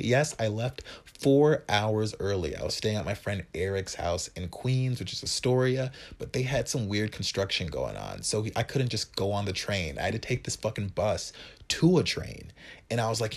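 A man in his twenties from Wisconsin, hosting a podcast and telling a comic story in a profane, animated, self-mocking way. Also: low-pitched, normal speed. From Wisconsin, USA. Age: 20s. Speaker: podcast host. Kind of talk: comedic storytelling monologue.

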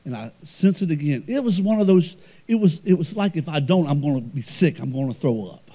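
Pastor, male, lively sermon delivery, warm dark voice. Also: on the high side, fairly quick. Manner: preaching with rising emphatic swells and quiet storytelling asides.

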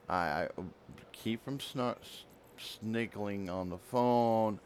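A man who is a radio host and writer tells a long story in a casual, rambling monologue, often interrupting himself. His voice is fairly low, darkish, clear, and resonant, and he speaks slowly.

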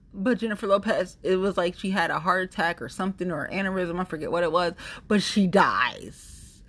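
Young woman, low voice, very lively pitch, casual rambling monologue, blunt and opinionated. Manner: rambling, animated storytelling with many fillers. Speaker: vlogger sharing opinions.

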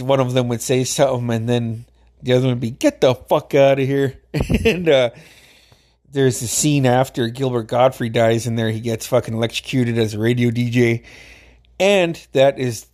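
A man's voice: mid-range voice, a little mellow. A man casually telling a rambling personal story, laughing often and swearing a lot.

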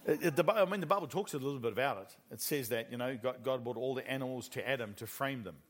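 A man's voice: mid-range voice, fast. A middle-aged man with a New Zealand accent preaching a sermon, telling stories with animation and laughing at his own jokes.

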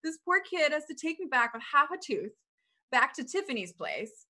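Brief: bright, high woman guest, lively storyteller who plays out the quotes. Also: moderate pace. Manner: animated, acts out other people's lines. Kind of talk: casual storytelling.

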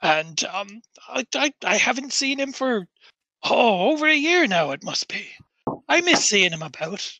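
A man's voice: extremely high pitch, very animated, unhurried, pushed and bright, no room sound, highs cut off, exaggerated voice. Man doing a stammering rural English groundskeeper. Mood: fond. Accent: put-on English rural. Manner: stammering, fussy, rambling. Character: nervous old male graveyard caretaker, chatty.

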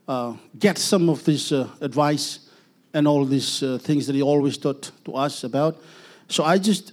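A middle-aged man giving an earnest personal testimony as a preacher, halting with restarts and letting phrases trail off softly. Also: a little high, husky.

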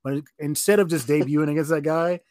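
A man's voice: fairly high pitch, fast talker, dry recording. Rambling casual man, dry close sound. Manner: rambling, filler-heavy, animated opinions. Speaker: podcast co-host. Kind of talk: casual chat.

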